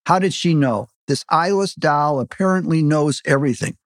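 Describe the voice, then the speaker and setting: A man's voice: moderate pace, no echo. Author reading his novel aloud, dry. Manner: animated, jumps up in pitch on exclamations. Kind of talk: audiobook reading.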